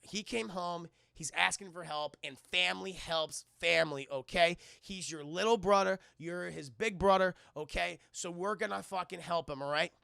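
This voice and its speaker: A man voicing a bossy mother who scolds her grown sons and shouts them down. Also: high voice, normal speed, vocal fry, few pauses, clean tone, no room sound, clean studio sound, heavily acted. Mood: firm.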